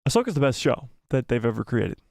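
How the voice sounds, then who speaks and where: An excited man hosts a live stream and reacts to chat, breathless and repeating himself. His voice sits in an ordinary middle pitch. The sound is dry and close, with no room echo. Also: fast, creaky. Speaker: host of a live watch party stream.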